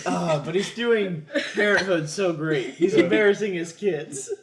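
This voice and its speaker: A young man with a somewhat high voice co-hosts a relaxed podcast. He jokes around and laughs easily among friends. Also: over a noisy crowd. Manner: jokey, quick to laugh. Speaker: podcast co-host. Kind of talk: casual chat.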